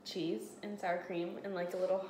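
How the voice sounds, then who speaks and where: A woman's voice: on the low side, flat delivery, moderate pace. A woman talks casually with a friend over food. She is giggly and easygoing and fills her sentences with "like." The room is echoey, with a faint hiss behind her. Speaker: friend and guest.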